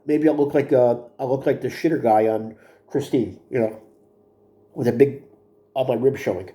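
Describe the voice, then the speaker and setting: A man's voice: medium pitch, normal speed, pauses often, warm tone. Middle-aged man, rambling video diary. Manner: rambling, frustrated, self-critical; restarts and repeats words. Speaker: vlogger.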